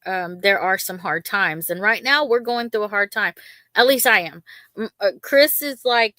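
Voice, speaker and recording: A woman hosts a casual livestream, rambling with lots of ums and speaking openly about her feelings, emotional but chatty. Her voice is medium-pitched and sharp in tone, and she takes her time. There's no echo.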